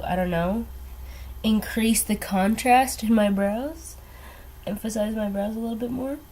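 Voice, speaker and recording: In a relaxed get-ready-with-me video, a young beauty vlogger with a mid-range voice rambles while applying makeup at home. She hesitates a lot, says um often and drifts into trailing asides, over a faint hiss or hum.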